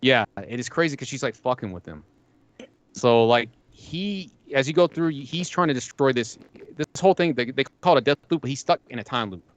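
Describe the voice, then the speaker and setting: A man's voice: mid-range voice, animated, a little fast, dry recording. Rambling podcast man, dry close sound. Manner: rambling, retells game scenes with quoted lines and swearing. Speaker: podcast co-host. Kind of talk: casual gaming chat.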